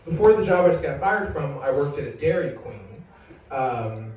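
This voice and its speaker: A man's voice: medium pitch, expressive, moderate pace, dull audio, slight background noise. A young adult man doing stand-up comedy, telling a rambling, profane, self-mocking story to a live audience. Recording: echoey room from far off.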